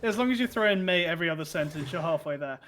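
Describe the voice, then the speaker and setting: High-voiced male esports play-by-play caster. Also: lively intonation, rapid-fire, crowd noise. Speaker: esports commentator.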